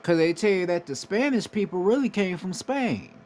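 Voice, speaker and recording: Man, from the U.S., slightly raised pitch, casual monologue, profane, emphatic, rhetorical "right?". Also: lively intonation, moderate pace, darkish tone. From United States. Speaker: spiritual commentator.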